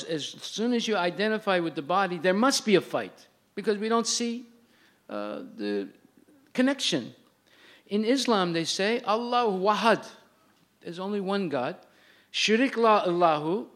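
A man's voice: sits high, expressive, normal speed. An older man giving a religious lecture as a spiritual teacher, explaining in plain speech and reciting Sanskrit verses in a chanting lilt.

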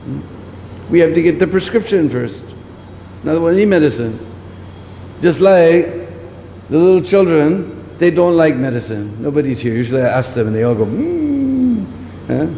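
A preacher gives a scriptural lecture, going over his points again and again and frequently asking listeners "hmm?" to check in. His voice is fairly high and warm with some vocal fry, at a normal speed. The recording carries a long hall reverb and faint background noise.

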